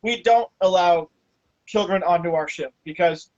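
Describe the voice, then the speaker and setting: A podcast host telling a funny story in casual chat, animated and laughing through it. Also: medium pitch, moderate pace, lo-fi sound.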